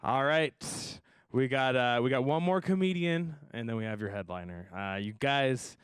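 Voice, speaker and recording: A man's voice: mid-range voice, lively intonation, moderate pace, clear, resonant tone, no room sound. A man hosting a comedy show, introducing the next act in a loose way and hyping the crowd. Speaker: host. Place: comedy stage before a live audience.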